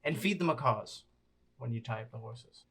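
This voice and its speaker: A woman playing a blustery, generous male gentleman explorer in a tabletop role-play, with a bossy, jovial manner. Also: extremely low pitch, lively intonation, moderate pace, slightly rough, exaggerated voice.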